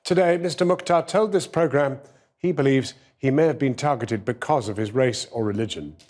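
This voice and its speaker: A man's voice: medium pitch, normal speed, darkish tone. Male news presenter with a formal read. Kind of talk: news introduction.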